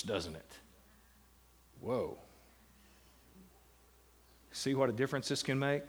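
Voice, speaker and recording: A middle-aged man giving a classroom lecture on Bible meditation, putting questions to his students and answering them. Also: mid-range voice. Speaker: seminary lecturer.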